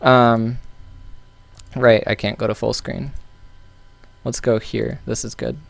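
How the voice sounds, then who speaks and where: A man's voice: medium pitch, level tone, takes it slowly, gravelly. A man casually analyzing a recorded esports match, thinking aloud with frequent fillers and restarts. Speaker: game analyst. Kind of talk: casual game analysis commentary.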